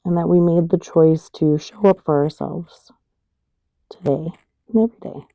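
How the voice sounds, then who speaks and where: A woman yoga instructor giving calm, unhurried cues for poses and breathing. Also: lowish voice, creaky, no echo, muffled recording. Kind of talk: guided yoga class instruction.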